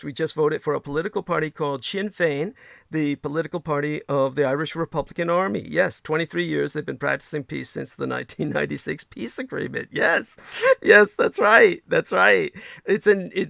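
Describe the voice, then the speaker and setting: A man's voice: fairly high pitch, creaky, no room sound. A man hosting a casual livestream, effusive and rambling with many fillers, reading chat messages aloud. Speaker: livestream host.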